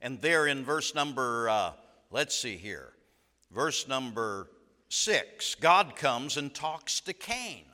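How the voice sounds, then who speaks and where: A man preaching a sermon, telling stories in an emphatic way with dramatic pauses. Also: medium pitch, big pitch swings, sharp tone, big-room sound.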